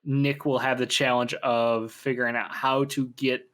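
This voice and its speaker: A man with an average-pitched voice co-hosts a casual sports talk show. He talks his opinions through steadily, stringing long sentences together. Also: flat delivery, normal speed, a bit bright. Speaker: sports podcast co-host.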